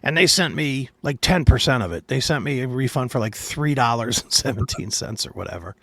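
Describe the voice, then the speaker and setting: A man co-hosting a podcast, telling profane, animated stories in casual chat. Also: medium pitch, brisk, no echo. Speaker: co-host.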